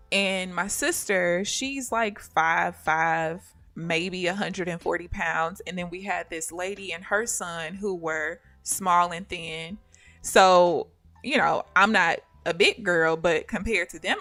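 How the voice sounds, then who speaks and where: A woman day trader on a live stream, mixing trading commentary with animated stories, calling her viewers "y'all" and laughing often. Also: on the low side.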